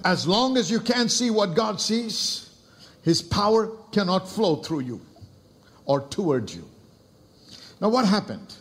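A man preaching a sermon as pastor, emphatic, asking rhetorical questions and calling on the congregation to respond. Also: high-pitched.

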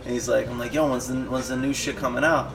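A podcast host in his thirties rattles off a rambling, profane anecdote in casual chat, laughing as he talks. His voice is medium in pitch, steady in tone, and quick. The mic sits far away, with loud music playing behind him.

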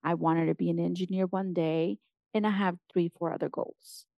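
A woman's voice: on the low side, fairly even intonation, normal speed, creaky, dry recording, highs cut off. A middle-aged woman from Mexico, a guest on an interview, talking with energy and repeating punchy encouraging phrases. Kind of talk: motivational interview talk.

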